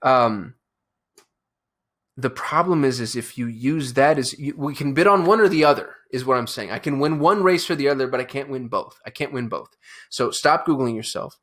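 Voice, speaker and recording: With a mid-range, fairly bright voice and a moderate pace, this man speaks to camera on his own channel. He runs an agency, and his casual talk is fired-up and emphatic, full of restarts and fillers.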